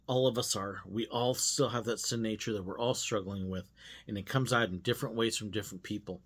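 A man's voice: on the low side, steady tone, brisk, fairly bright tone, husky. A man hosting a devotional podcast, speaking in an earnest, self-searching monologue with frequent hesitations.

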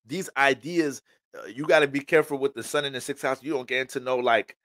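A man's voice: medium pitch, steady tone, quick pace, a bit bright, dry recording. A man giving a casual astrology reading. He talks in a slangy, rambling, joking way.

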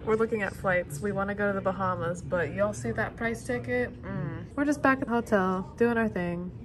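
A woman's voice: medium pitch, normal speed, crowd noise. A woman in her twenties chatting casually to camera as a vlogger, upbeat and full of filler words. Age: 20s. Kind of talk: casual vlog chat.

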